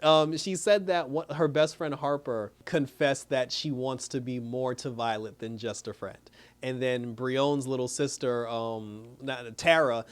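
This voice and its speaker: A man's voice: mid-range voice, steady tone, unhurried. A man casually recapping a TV episode as a reviewer, rambling loosely and laughing often as he retells scenes. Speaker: TV show reviewer.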